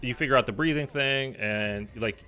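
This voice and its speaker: Bright-voiced rambling male storyteller. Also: medium pitch, moderate pace, faint music behind. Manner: rambling, many fillers, acts out quotes loudly. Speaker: streamer. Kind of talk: casual storytelling chat. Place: in Los Angeles.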